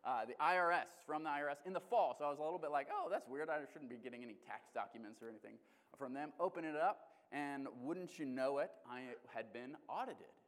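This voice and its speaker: A man's voice: fairly high pitch, fast talker. Alaskan male preacher in a reverberant hall. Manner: conversational and animated, with frequent restarts and fillers. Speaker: pastor. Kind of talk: sermon.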